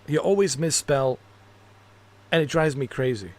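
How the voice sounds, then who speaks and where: A man's voice: mid-range voice, lively intonation, a little slow. A man streaming games, telling rambling stories in casual chat, laughing at his own jokes and cursing freely. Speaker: gaming streamer.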